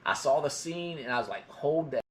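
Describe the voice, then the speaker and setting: A rambling storyteller, this middle-aged man from Georgia chats casually on a live stream in a mild Southern drawl. His voice is fairly high with lively intonation at normal speed, over slight background noise.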